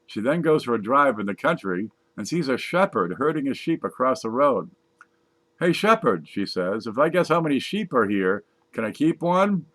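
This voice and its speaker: Guy reading jokes off a sheet, voice jumps up and down a lot, casual. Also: moderate pace. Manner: reads jokes aloud from a page, lively, putting on squeaky voices for punchlines. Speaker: joke reader.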